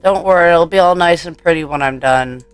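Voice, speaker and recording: A man's voice: a little high, a little fast, smooth, no echo, soft background music, close to an everyday voice. A man reading the part of a doting, unsettling woman in a horror game, full of sugary pet names. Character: doting, unsettling adult woman, motherly, obsessive.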